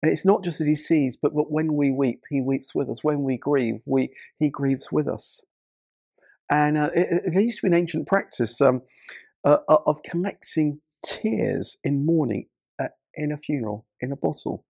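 A man preaching a sermon with a gravelly, mellow voice. He speaks earnestly, often doubling words as he restarts a thought. The sound is dry and close, with no room around it. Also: on the high side, moderate pace, dry recording.

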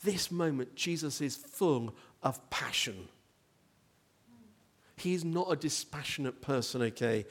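A man's voice: fairly high pitch, expressive, a little slow. A man preaching a sermon, telling a story with animation and asking the congregation questions. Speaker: pastor.

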